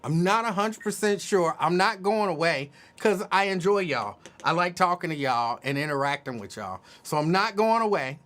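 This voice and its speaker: A man hosting a talk show, relaxed and quick to correct details, laughing along. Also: high voice. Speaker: host. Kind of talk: casual radio talk.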